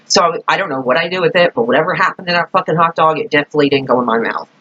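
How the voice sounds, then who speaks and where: A woman's voice: deep voice, rapid-fire, a bit bright, husky. A woman vlogging casually, telling rambling stories with frequent swearing and "like". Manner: rambling, profane, full of "like". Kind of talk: casual storytelling vlog. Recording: dull lo-fi recording.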